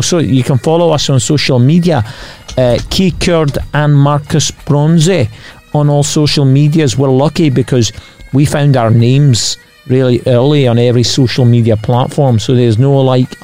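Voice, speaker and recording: Podcast host chatting, kinda sweary, faint music behind. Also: male voice, mid-range voice, darkish tone. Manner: chatty, sweary, reads out facts. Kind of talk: casual chat.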